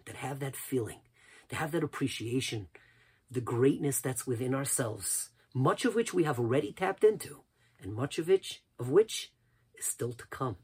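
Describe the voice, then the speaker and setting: Male preacher, very breathy husky voice, impassioned sermon that jumps between shouts and hushed asides. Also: mid-range voice. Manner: impassioned, swings from loud cries to near whispers. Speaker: rabbi.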